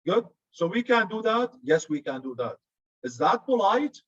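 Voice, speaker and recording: Arabic-accented guy lecturing, kinda high voice, jokey, dull lo-fi recording. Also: very animated, normal speed. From Arab region. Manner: chatty, joking, says "good" often. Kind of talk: classroom lecture.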